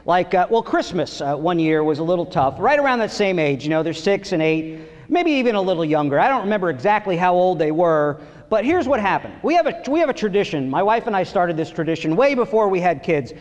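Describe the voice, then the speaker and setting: A man's voice: high-pitched, brisk, in a large hall, dull audio. A middle-aged man from Long Island telling family stories in a stand-up set on a theater stage. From Long Island, New York. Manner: lively storytelling, acting out voices. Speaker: stand-up comedian.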